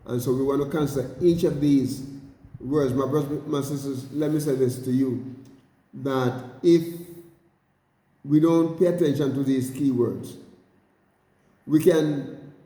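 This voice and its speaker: A man teaching a bible study, speaking haltingly with many repeated words and addressing his listeners as brothers and sisters. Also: medium pitch, dark tone. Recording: roomy hall with long reverb.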